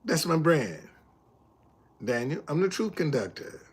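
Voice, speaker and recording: Older male streamer, high-pitched, emphatic profane storyteller, lively swings. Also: a little slow, husky. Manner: animated, loud retelling, drops low when reading chat. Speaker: live streamer. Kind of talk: casual live stream talk.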